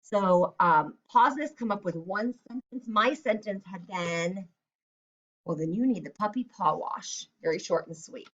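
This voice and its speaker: A woman's voice: mid-range voice, a little slow, a bit bright, lo-fi sound. Woman teacher guiding kids step by step. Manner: step-by-step, encouraging, acts out example lines. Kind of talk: recorded writing lesson for kids.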